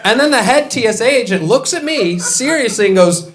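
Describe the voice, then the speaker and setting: A young man doing a stand-up set on a club stage, deadpan, with mumbled asides and loud punchlines. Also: extremely high pitch, a little fast, background noise. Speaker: stand-up comedian. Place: comedy club stage with a live audience. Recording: laughing crowd in a room.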